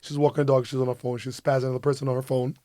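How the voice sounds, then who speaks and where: A man's voice: medium pitch, racing, no echo, studio quality. A man co-hosting a podcast, chatting casually, swearing freely and laughing often. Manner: profane, laughs often, animated storyteller. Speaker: podcast co-host. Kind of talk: casual chat.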